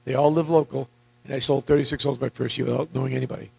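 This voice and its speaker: A man coaching real estate agents in a live seminar, energetic and repetitive, questioning the audience, with a voice that is wearing out. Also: medium pitch, racing, creaky, husky, poor audio. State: losing his voice.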